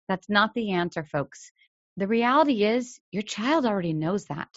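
A woman's voice: mid-range voice, expressive, moderate pace, dry recording, lo-fi sound. A woman hosting a parenting podcast, talking straight to listeners in an earnest, direct way and sometimes acting out what a parent or child might say. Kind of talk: solo podcast talk.

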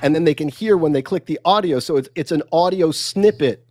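A man's voice: a little high, brisk, darkish tone, dry recording. A man guesting on a livestream interview, talking in a fired-up, emphatic way and acting out little quotes. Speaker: guest, content consultant.

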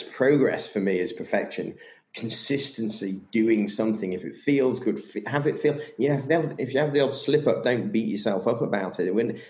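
A man in casual conversation, candid and enthusiastic, swearing freely. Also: medium pitch. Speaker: podcast guest, yoga business owner. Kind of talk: casual chat. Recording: roomy echo.

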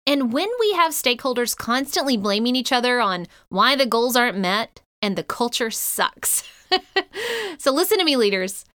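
Middle-aged woman, podcast host, earnest and encouraging, higher pitched, smooth and dry. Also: fairly bright tone, no room sound. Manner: earnest, encouraging, with frequent light laughs. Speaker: podcast host and leadership coach. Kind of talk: podcast monologue.

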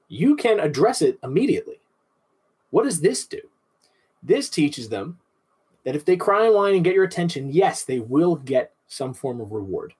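A man in his thirties gives an instructional talk as a dog trainer, his voice a little husky and set slightly high for a man. He talks in an animated, lively way, rising and falling as he poses questions to himself and answers them.

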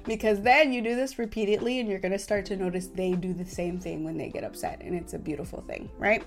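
Woman host, 30s, parenting advice, casual chat, animated, tags "right?" onto her lines. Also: medium pitch, fast, faint music behind. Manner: animated, keeps adding "right?" and "okay?".

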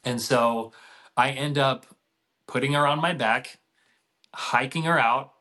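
A man's voice: medium pitch, slow pace, bright, forceful tone. A middle-aged man, a podcast guest, telling a family story in a casual, rambling way with many restarts.

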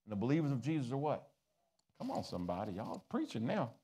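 A man's voice: mid-range voice, wildly swooping pitch, fast, breathy edge. A man pastoring a church, preaching a sermon and calling on the congregation to answer back. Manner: preaching, rising to loud exhortation, calling for responses. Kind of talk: sermon with audience call-and-response.

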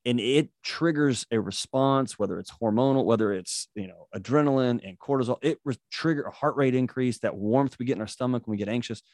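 A man's voice: mid-range voice, a little fast, hardly any pauses, a little mellow, no echo. Earnest man, dry close sound. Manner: earnest, storytelling, vivid examples. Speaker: guest, mental health expert. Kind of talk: interview answer, explaining.

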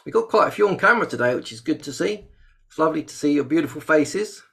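A man's voice: on the high side, fast talker, gravelly. Host, man, jokey and chatty, video call. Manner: chatty, jokey, lively bursts of excitement. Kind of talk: casual webinar chat.

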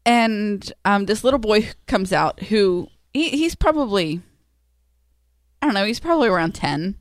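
A woman's voice: medium pitch, lively intonation, measured pace, dry recording, studio quality. A woman in her forties co-hosting a podcast, telling a family story in a chatty way that is full of laughter. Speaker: podcast co-host. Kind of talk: casual chat.

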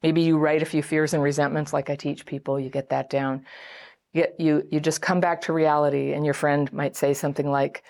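A woman's voice: low voice, level tone, moderate pace, a little mellow. A middle-aged woman hosting a self-help video, talking casually to camera, acting out quoted voices and laughing often. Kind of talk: casual advice talk to camera.

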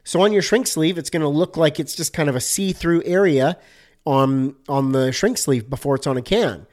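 A man's voice: a little high, normal speed, a little mellow. A man hosting a casual solo podcast about design, upbeat and chatty, with many fillers.

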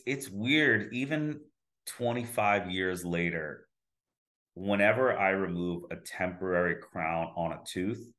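A dentist in his fifties chatting casually as a guest, telling lively stories and acting out the voices he quotes. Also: deep voice. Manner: animated storyteller who acts out quoted voices. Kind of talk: casual podcast conversation.

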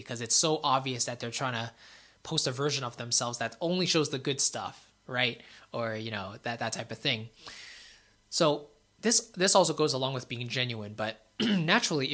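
A young man, a YouTuber and musician, giving casual speaking advice in a relaxed way, full of fillers and asking "right?" often. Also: medium pitch. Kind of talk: casual talking-head advice.

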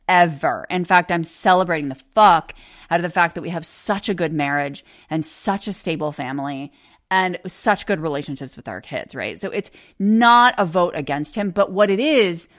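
On her podcast, a forties-aged woman speaks in a lowish register while sharing a family story of her own. Her manner is open and relaxed, full of swearing and frequent laughter.

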